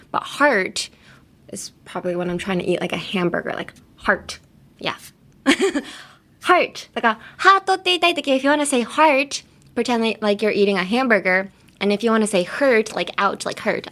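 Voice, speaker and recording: A woman's voice: mid-range voice, fairly bright tone. Giggly bilingual woman teaching pronunciation. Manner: chatty and giggly, mixing English with Japanese. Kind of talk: casual podcast lesson. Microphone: talking into a camera.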